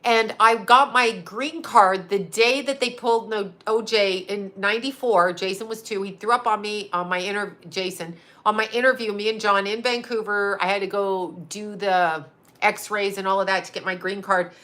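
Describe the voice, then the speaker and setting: A woman's voice: mid-range voice, steady tone, moderate pace, fairly bright tone. A middle-aged woman, a psychic medium, talking in a loose, rambling way, swearing often and repeating herself for emphasis. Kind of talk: casual rambling monologue.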